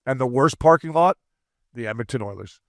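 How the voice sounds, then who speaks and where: A man co-hosting a hockey podcast, telling profane, animated locker-room stories and acting out quotes. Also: mid-range voice, a little fast, no echo, clean studio sound. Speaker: podcast co-host, former hockey player. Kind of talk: casual chat.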